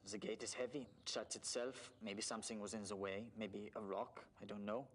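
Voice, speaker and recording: Game NPC: male actor as a German-accented zookeeper, deep-ish, flat and literal. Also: slight background noise, natural voice. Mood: matter-of-fact. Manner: flat, matter-of-fact, short halting answers. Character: calm adult male zookeeper, plain and literal. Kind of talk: video game dialogue.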